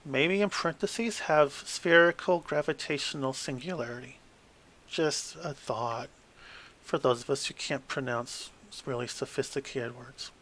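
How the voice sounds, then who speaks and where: A man's voice: mid-range voice, unhurried, a bit bright, a little hiss or hum. A man flipping through a tabletop game book, reading passages aloud with wry asides and stumbling over hard words.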